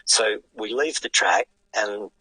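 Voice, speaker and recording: An older man with an Australian accent, a guest telling a story in a lively, casual way and swearing freely. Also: fairly low pitch, slow pace, slightly rough, no room sound, rough recording. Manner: animated yarn-spinning with casual swearing. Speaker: guest, retired sidecarcross racer.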